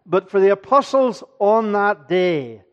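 Man, a pastor preaching in church; emphatic, questioning delivery, slightly high pitch, dull lo-fi sound. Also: big pitch swings, unhurried, clean tone. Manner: earnest, emphatic, asks the congregation rhetorical questions. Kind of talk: sermon.

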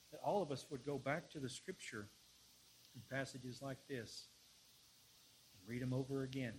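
A man preaching and praying in an earnest sermon, often repeating words as he searches for the next phrase and building to louder passages. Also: mid-range voice, slight background noise, poor audio. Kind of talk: sermon with prayer.

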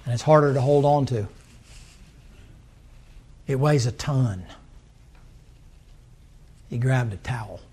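A man preaching a sermon in a folksy manner, acting out voices and rising to emphatic shouts. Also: medium pitch, takes it slowly, pauses often, slightly rough.

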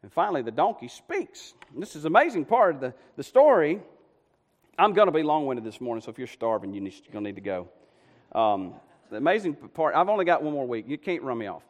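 A preacher delivering a folksy sermon. He swings from loud emphasis to hushed asides, his fairly high voice leaping all over the place. Long reverb from the church hall trails behind his words. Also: big pitch swings, fast talker. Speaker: pastor.

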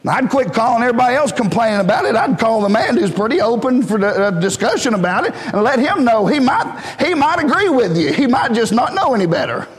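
A man's voice: extremely high pitch, sing-song, quick pace, few pauses, in a large hall. A pastor preaching a sermon in a blunt, folksy, self-deprecating way, joking with his congregation. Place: church sanctuary.

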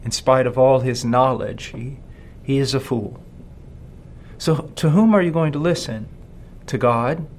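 Emphatic preacher man, slow stressed words. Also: mid-range voice, a little hiss or hum. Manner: emphatic, rhetorical questions, slows down for stress. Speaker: pastor. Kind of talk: sermon.

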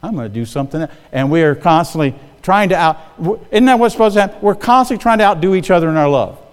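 A man's voice: sits high, expressive, fast talker, smooth. Older male preacher in a reverberant church. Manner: conversational, often checking in with the congregation. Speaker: guest preacher. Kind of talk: sermon.

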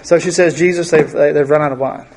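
A man's voice: on the high side, fairly even intonation, quick pace, a little mellow, slight background noise. A middle-aged man teaching a Bible study in a conversational way, often asking his group questions.

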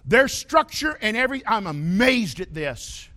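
Male pastor preaching, voice jumps all over, bright and forceful, kinda high. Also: a little slow, hardly any pauses. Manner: animated storytelling preacher, swinging from shouts to asides. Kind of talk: sermon.

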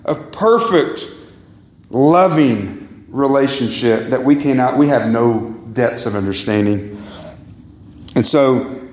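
A man's voice: takes it slowly, pauses often, darkish tone, reverberant. A man preaching a sermon as pastor, emphatic, repeating words and calling the congregation "guys" and "beloved". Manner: emphatic, swings pitch high and low, repeats words. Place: church sanctuary.

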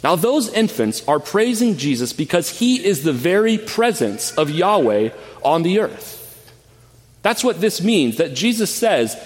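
A man's voice: high voice, big pitch swings, unhurried. A man preaching a sermon earnestly and emphatically, often repeating words as he goes. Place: church sanctuary. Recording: long church hall reverb.

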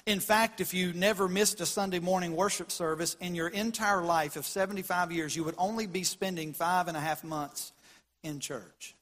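A man preaches with a high, ringing voice that carries through a long reverberant hall. His delivery is animated, and he climbs and grows louder whenever he quotes scripture. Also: moderate pace. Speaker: pastor. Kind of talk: sermon.

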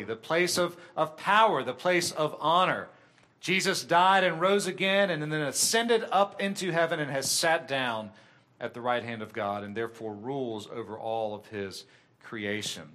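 A man's voice: mid-range voice, bright, forceful tone. A man preaching a sermon with earnest, emphatic delivery that swells and drops in intensity.

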